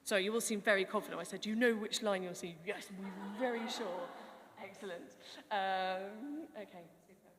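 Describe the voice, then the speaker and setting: A woman's voice: medium pitch, a little fast, fairly bright tone, slight background noise. A woman leading a choir rehearsal in a large church, chatty, encouraging and self-deprecating. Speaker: choir director. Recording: long church reverb, faint music.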